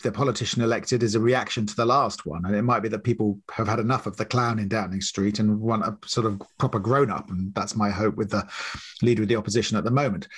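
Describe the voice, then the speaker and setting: A man speaks with a husky, slightly breathy voice at a mid pitch. He is a comedy writer being interviewed, loose and anecdotal, with plenty of fillers. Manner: relaxed, anecdotal, many fillers. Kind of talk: podcast interview.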